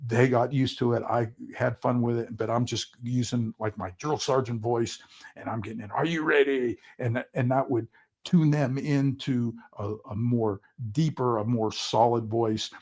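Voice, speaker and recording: A man speaking as a swim coach, presenting an online seminar with slides in a halting way, with frequent ums and restarts. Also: medium pitch, level tone, darkish tone.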